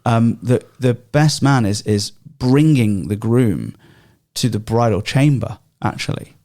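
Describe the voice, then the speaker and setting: A man talks through a Bible passage in a relaxed podcast chat. He is animated and digressive, stops and restarts his sentences often, and fills his pauses with ums. His voice sits at an ordinary middle pitch for a man. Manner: animated, explains at length with many ums and restarts. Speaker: Bible study guest. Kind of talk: casual discussion podcast.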